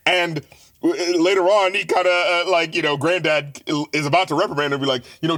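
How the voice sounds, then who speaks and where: Male podcast co-host, slightly high pitch, easygoing and quick to laugh. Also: fairly even intonation, a bit bright. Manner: laughs often, acts out quoted voices. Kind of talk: casual review chat.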